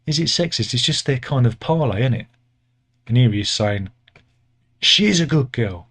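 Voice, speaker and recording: A British man with an ordinary mid-pitched voice, talking through the news in a loose, sardonic monologue. He rambles, stumbles, restarts, and fills pauses with "um" and "uh." The tone stays dry and mocking throughout. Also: animated, a bit bright, breathy edge. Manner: rambling, sardonic, self-correcting with many fillers. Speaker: satirical news commentator. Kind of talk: casual satirical monologue.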